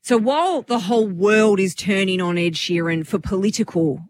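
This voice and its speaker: A woman's voice: medium pitch, moderate pace, slight background noise. A woman hosting a radio show, gossiping and telling a story in casual chat. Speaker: radio host.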